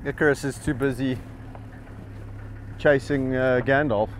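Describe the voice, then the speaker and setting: A man's voice: mid-range voice, steady tone, unhurried, slight background noise. A middle-aged man talking fondly and laughingly to animals outdoors, coaxing and teasing them on a handheld camera. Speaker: wildlife sanctuary keeper. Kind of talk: casual talk to animals on camera. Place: outdoors in the bush.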